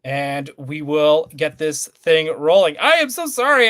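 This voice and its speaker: A man's voice: a little high, big pitch swings, unhurried, fairly bright tone, no room sound. A man co-hosting a casual live stream, rambling and apologetic as he fumbles with the tech. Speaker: podcast co-host.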